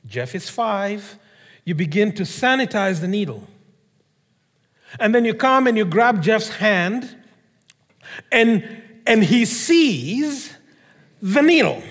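A male pastor preaches, walking his congregation through a story in an animated way. His voice sits very high for a man. The sound rings with a long reverb as in a large hall. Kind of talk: sermon.

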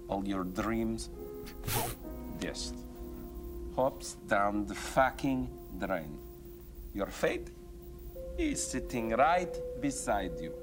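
A menacing Russian gangster. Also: male voice, on the low side, very animated, extremely slow, pauses often, full character voice. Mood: taunting. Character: menacing male Russian gangster card player. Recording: film soundtrack with music.

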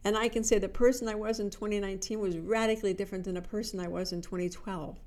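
A middle-aged woman, a life coach, giving an energetic motivational talk and acting out the voices in her stories. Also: mid-range voice, fast talker. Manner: energetic, animated storytelling with quoted inner voices.

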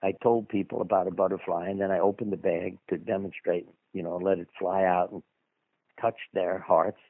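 Speaking at a moderate pace with a flat delivery, this man's voice sits low and carries no room sound. As a radio interview guest author, he tells anecdotes in a loose, chatty way with asides, over dry phone-line audio.

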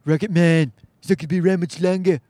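Half-hearted blustery politician bit from a guy barely trying, rattled off quick, dry sound. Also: high voice, fairly even intonation, warm tone, no room sound, voice pushed down, lightly acted. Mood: taunting. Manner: tossed-off, half-hearted mimicry. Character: lazy impression of a blustering male politician.

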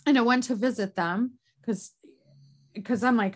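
During a candid podcast conversation, a woman with a fairly high-pitched voice speaks earnestly and emotionally. She halts often, restarting sentences and using lots of fillers.

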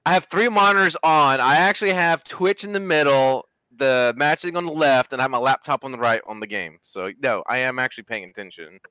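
A man in a tabletop game, defending himself in casual chat with an animated manner. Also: mid-range voice, fairly quick, hardly any pauses, smooth, no room sound, rough recording. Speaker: player.

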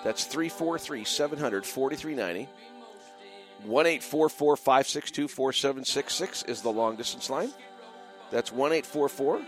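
A man's voice: mid-range voice, fairly bright tone. A man hosting a call-in radio show as a pastor, preaching fervently and emphatically, often restarting his words.

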